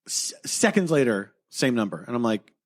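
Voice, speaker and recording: A man co-hosting a podcast, telling a story in a casual chat. His telling is animated, swinging from low mutters to near-shouting. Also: normal speed. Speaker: podcast co-host.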